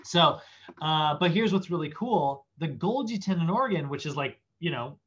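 A man giving a casual fitness class lecture, chatty and animated, acting out body parts in silly voices. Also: fairly high pitch, moderate pace, highs cut off. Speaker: fitness instructor.

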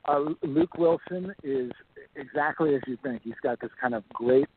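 A man's voice: mid-range voice, moderate pace, a little hiss or hum. A man from Texas, an actor guest, chatting casually in a phone-in interview with lots of fillers. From Texas, USA. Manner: relaxed and chatty, many fillers. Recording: tinny phone line.

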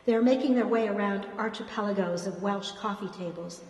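A woman author reads her fiction aloud with expressive, dramatic delivery. The voice rings with a roomy echo and a long hall reverb. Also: medium pitch, fairly quick.

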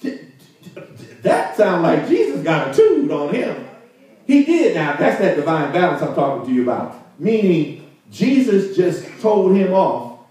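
A male pastor with a high, very animated, mellow voice preaches at a measured pace, keeping the sermon conversational, laughing often and drawing call-and-response from the congregation. He's in a church sanctuary, recorded in a very echoey room with the mic at a distance.

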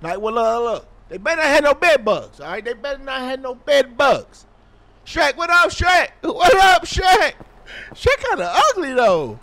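A man hosting a horror gaming video, joking loudly and often shouting with excitement. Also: extremely high pitch, normal speed. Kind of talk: horror game commentary.

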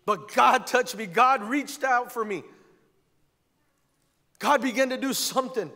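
Fervent high-voiced male pastor preaching. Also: unhurried, pauses often, sharp tone. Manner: fervent, repeating phrases for emphasis. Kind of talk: sermon. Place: church sanctuary. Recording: long church hall reverb.

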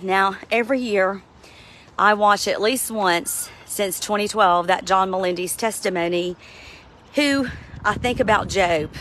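A woman's voice: mid-range voice, fairly bright tone, slight background noise. A woman giving an earnest, heartfelt personal testimony as a devotional speaker.

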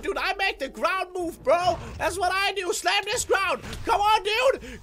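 A man giving excitable gameplay commentary, yelling battle cries and playful trash talk at opponents. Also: extremely high pitch, normal speed, soft background music. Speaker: gaming YouTuber.

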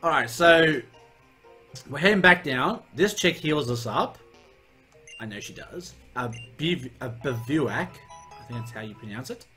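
A young man giving gameplay commentary as a let's play host, excitable and profane, often yelling at the game. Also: mid-range voice, a little slow, husky, soft background music.

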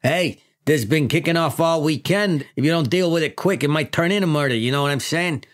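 Gruff police chief, a man doing the voice, brash 1940s big-city manner, middle-aged, tabletop game. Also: fairly high pitch, pitched above the performer's own voice, lightly acted. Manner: fast-talking 1940s New York chief, brash.

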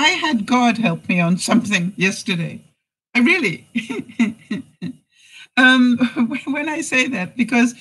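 A fairly high, slightly bright voice comes through a low-quality recording as the woman gives life advice directly to camera. Her casual, chatty delivery includes stories, acted-out phone calls, and laughs between points.

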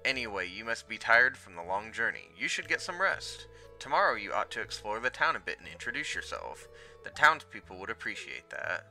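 A man's voice: on the low side, sing-song, fairly quick, gravelly, sharp tone, faint music behind, exaggerated voice. A man reading as a fussy old town mayor. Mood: formal. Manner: reads game dialogue aloud, mock-formal. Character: older male small-town mayor, fussy.

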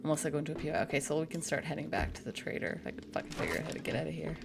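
A woman's voice: deep voice, sing-song, racing, creaky, background noise. A woman from Canada chatting casually and making crude jokes while playing a game on a live stream.

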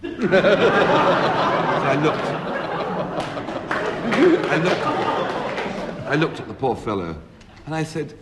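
A man on a radio comedy panel, telling a comic story with wry, deadpan delivery and dramatic pauses. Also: fairly high pitch, slight background noise.

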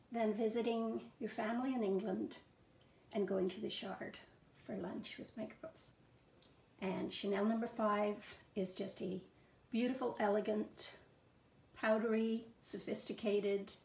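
A middle-aged woman vlogs from her bedroom at home, showing off outfits and perfumes in a casual show-and-tell, gushing and enthusiastic with plenty of fillers. She is a fashion and fragrance vlogger whose medium-pitched voice is gravelly and darkish, with a reverberant sound.

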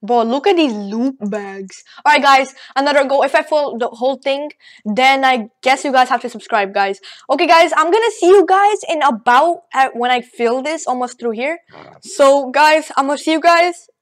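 High-ish girl voice, out of breath, rambly jokey game commentary at her computer. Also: normal speed. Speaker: gaming channel host. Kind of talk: casual gameplay commentary. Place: at home at a computer.

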